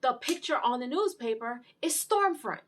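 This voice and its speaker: Lively woman recapping a TV episode. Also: high voice, normal speed. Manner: animated storytelling with exclamations. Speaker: TV series reviewer. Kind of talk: casual episode recap and review.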